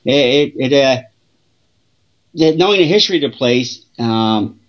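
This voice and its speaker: A man who investigates the paranormal, talking through his stories in a halting way with many restarts and fillers. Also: mid-range voice, expressive, muffled recording. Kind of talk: casual interview storytelling.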